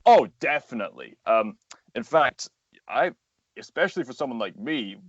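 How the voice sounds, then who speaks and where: An earnest man, a voice actor and animator, explains his craft at length in a casual interview, his thoughts full of fillers. His voice sits at a middle pitch. The sound is dull and lo-fi, close and dry with no room around it. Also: very animated, normal speed, slightly rough, dry recording.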